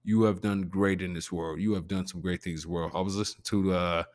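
A man with a gravelly growl in his voice, hosting a podcast in a loose, rambling and profane casual chat. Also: sits low, steady tone, a little fast, no room sound. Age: adult with a preteen nephew. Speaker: podcast host.

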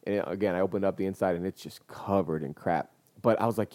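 A man's voice: low voice, fast, darkish tone. A young man telling a long story in a casual chat, full of slang and fillers. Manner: laid-back slang-heavy storytelling with many fillers. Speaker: guest business owner.

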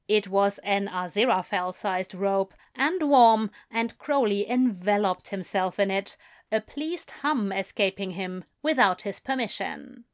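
A woman reading a romantic story aloud in a slow, measured way. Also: medium pitch. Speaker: reader. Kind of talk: reading fan fiction aloud.

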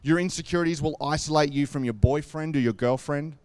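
A man's voice: fairly high pitch, fairly quick, darkish tone, clear, resonant tone, no echo. A man giving an earnest devotional talk, retelling a scripture story in a chatty way with many asides. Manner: earnest and conversational, with lots of "like" and asides.

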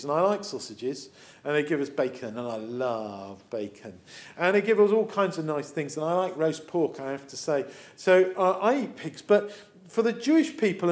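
A man acting as preacher, telling a story to children in a chatty, animated way with frequent fillers. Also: a little high.

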